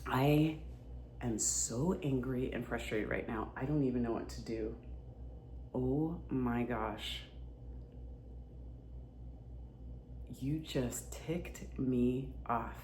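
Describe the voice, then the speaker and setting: A woman's voice: a bass voice, slow, dark tone, roomy sound, a little hiss or hum, pitched below the performer's own voice. A woman acting out an adult woman in an exaggerated demonstration of moods. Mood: irritated. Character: adult woman swinging from gushing joy to irritation.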